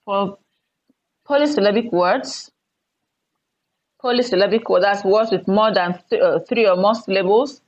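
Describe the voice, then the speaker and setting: A woman teaching an online lesson. She speaks deliberately and repeats words for emphasis. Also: mid-range voice. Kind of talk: recorded online English lesson. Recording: dull lo-fi recording.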